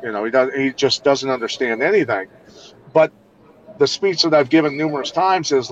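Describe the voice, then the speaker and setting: A man's voice: mid-range voice, normal speed, a little hiss or hum. A middle-aged man from Iowa, a combat and law enforcement trainer, speaking bluntly and with plenty of swearing in a casual podcast chat. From Iowa, USA. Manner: blunt, profane, emphatic. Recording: dull lo-fi sound.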